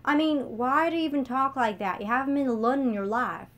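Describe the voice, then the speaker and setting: A woman's voice: high-pitched, brisk, fairly bright tone, pitched above the performer's own voice. A woman doing a defiant, sarcastic young woman. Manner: sarcastic, blunt.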